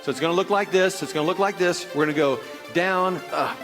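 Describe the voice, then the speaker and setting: A man gives a wellness talk on a stage, slipping into a workout demo. His voice sits a touch high and turns into loud, coaxing calls as he times the exercise. Faint music runs behind him. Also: quick pace. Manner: energetic, coaxing, shouts workout cues. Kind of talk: live stage talk and fitness coaching.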